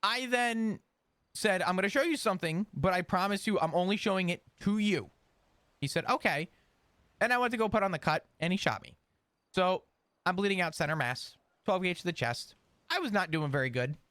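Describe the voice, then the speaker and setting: High, lively man telling a roleplay story. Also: fairly quick, no echo. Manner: animated, rambling recount with restarts. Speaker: roleplay character in a GTA server. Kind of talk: in-character storytelling recounting events.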